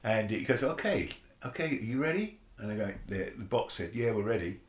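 Animated man in a roomy echo. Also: on the low side, a little fast. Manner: animated, swearing, acts out quoted voices. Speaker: session bass player. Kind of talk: casual storytelling interview.

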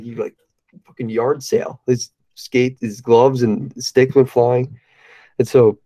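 A young man co-hosting a podcast, telling a long story in a relaxed way, laughing often and filling with "like". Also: medium pitch, no echo, highs cut off. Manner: laid-back storyteller, laughs often, many fillers. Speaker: podcast co-host. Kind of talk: casual chat.

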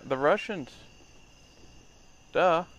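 A man's voice: a little high, lively intonation, drawn-out words, fairly bright tone. A man co-hosting a casual outdoor chat show, trading blunt, teasing banter. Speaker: podcast co-host. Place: outdoors at night by a fire.

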